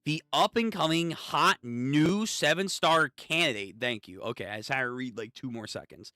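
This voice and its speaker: A man hosting a casual reaction read-through of manga, excitable and swearing, reading lines aloud. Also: medium pitch, moderate pace, few pauses, no echo, studio quality. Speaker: channel host reading manga.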